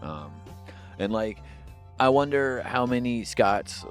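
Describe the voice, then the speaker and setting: A man's voice: medium pitch, expressive, takes it slowly, clean tone, faint music behind. A man co-hosting a podcast alone, rambling casually with jokes and filler words. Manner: rambling, jokey, lots of fillers and asides. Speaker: podcast co-host. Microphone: headphones and studio mic.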